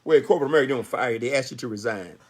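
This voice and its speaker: A man's voice: mid-range voice, very fast. A man in his sixties giving a motivational speech, telling his story with emphatic rhetorical questions. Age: 60s. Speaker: motivational speaker.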